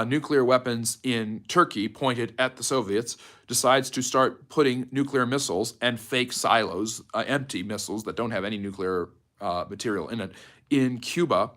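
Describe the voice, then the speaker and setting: A man's voice: mid-range voice, fairly bright tone. A man giving a livestreamed history lecture, telling the story energetically with frequent ums and restarts.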